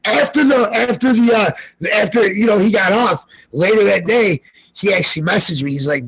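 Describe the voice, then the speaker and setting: A man talking as a podcast guest, loud and excitable, telling stories with lots of energy and cursing. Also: sits high, moderate pace, gravelly, husky, dry recording, poor audio. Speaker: guest sports bettor. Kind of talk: casual podcast interview.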